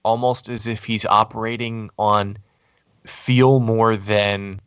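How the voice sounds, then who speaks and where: A man guesting on a casual podcast chat, hesitant and halting as he finds his words. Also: on the low side, flat delivery, fairly bright tone, clean tone, no room sound, highs cut off.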